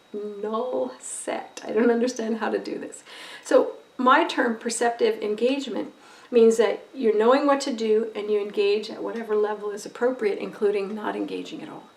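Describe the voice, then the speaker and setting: A woman teaching a recorded lesson on empathy, expressive and conversational, often checking in with "right?". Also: on the high side, gravelly. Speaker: empathy educator. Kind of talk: recorded lecture video. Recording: roomy echo, voice from a distance.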